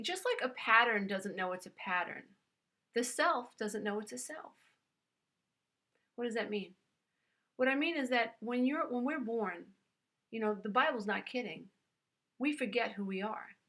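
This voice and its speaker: Bright earnest woman with a New York accent. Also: a little high, moderate pace. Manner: earnest and emphatic, addresses listener as "dear one". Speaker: self-help speaker. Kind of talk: motivational teaching talk.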